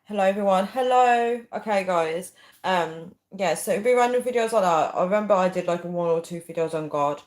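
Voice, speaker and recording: Woman, low voice, casual livestream chat, rambling, frequent ums, echoey room. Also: a little fast, a little mellow. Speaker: livestream host. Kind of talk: casual live chat, reading viewer comments.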